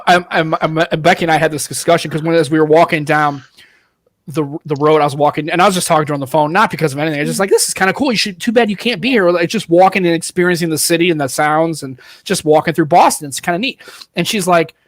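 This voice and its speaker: A man hosting a podcast in casual chat, telling stories in an animated, profane way. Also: fairly high pitch, fast talker, no room sound. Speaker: podcast host.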